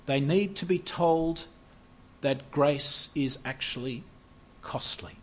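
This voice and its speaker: A man preaching a sermon, earnest and measured, building to emphatic rises. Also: on the high side. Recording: dull lo-fi sound.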